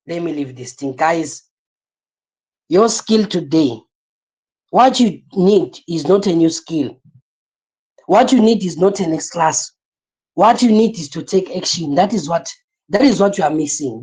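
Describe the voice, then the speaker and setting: A woman with a husky, slightly breathy voice leads a motivational class, her pitch sitting in an ordinary middle range. She talks with energy, repeats her phrases and keeps throwing rhetorical questions at her listeners. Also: darkish tone, lo-fi sound. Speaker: online class teacher.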